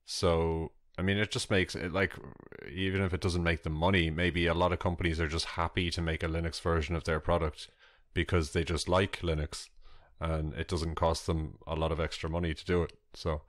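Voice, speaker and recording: Very deep-voiced man chatting about tech. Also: little pitch movement, moderate pace, no room sound, studio quality. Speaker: podcast co-host. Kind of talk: casual tech chat.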